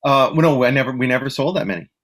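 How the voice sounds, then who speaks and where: A man telling stories as an interview guest, in a relaxed voice of middle pitch. He rambles through fillers and restarts and pokes fun at himself. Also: very fast. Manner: rambling, self-deprecating, many fillers and restarts. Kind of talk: casual storytelling interview.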